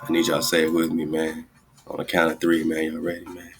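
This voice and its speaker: A man's voice: rumbling low, monotone, quick pace, over music. A man hosting a radio talk show, rambling through ideas in casual commentary and tagging his lines with "right?" and "man". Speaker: radio host. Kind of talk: casual esoteric commentary over screen share.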